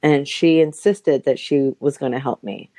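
Speaking at a normal speed in a very deep, mellow, animated voice, a woman in her forties tells an emotional personal story as a guest on a Los Angeles podcast interview. She's chatty and filler-prone, sometimes acting out quoted voices, and the recording is dry.

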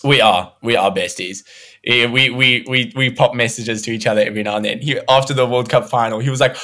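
Young guy chatting in an interview, lively storyteller, acts out the dialogue. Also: medium pitch, brisk. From South Africa. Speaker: musician guest. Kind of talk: casual interview chat.

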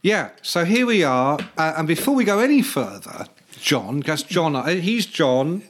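A man hosts a podcast in loose, rambling chat, swearing freely. His slightly high voice swings widely in pitch as he talks. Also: big pitch swings, a little slow. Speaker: podcast host. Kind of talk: casual chat.

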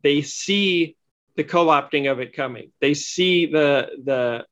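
A man's voice: fairly high pitch, slow, a bit bright. A man talking in a casual podcast discussion, explaining his ideas at length with fillers. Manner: thoughtful, long-winded explaining with fillers. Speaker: podcast guest. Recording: lo-fi muffled sound.

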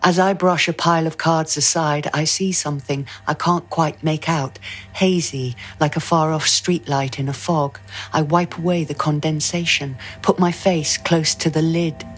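A woman's voice: low-pitched, steady tone, normal speed, breathy edge, faint music behind. A woman actor delivering a scripted first-person dramatic monologue in an intimate, brooding way.

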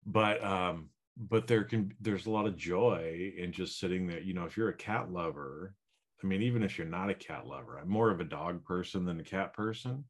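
A man's voice: low voice, normal speed. A man co-hosting a podcast, musing in a reflective, rambling way with many fillers. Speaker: podcast co-host. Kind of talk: casual chat.

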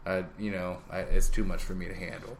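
A man's voice: low-pitched, level tone, brisk, slight background noise. A man co-hosting a film podcast in casual chat, leaning on "you know" and "like" and trailing off. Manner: filler-heavy, trailing off. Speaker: podcast co-host.

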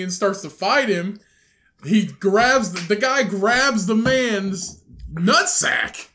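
A man's voice: sits high, animated, takes it slowly, fairly bright tone. A man co-hosting a crude casual podcast, laughing often and reading a news story aloud. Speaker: podcast co-host.

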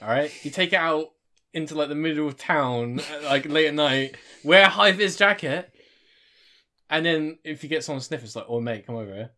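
Young lad, slightly higher voice, animated and crude in group chat. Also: male voice, moderate pace. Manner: swears freely, rambling and animated. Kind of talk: casual podcast banter.

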